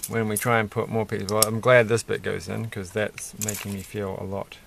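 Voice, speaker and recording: A man's voice: fairly low pitch, flat delivery, moderate pace, vocal fry, slight background noise. A man casually rambling and musing aloud as he builds a toy set, mildly self-deprecating.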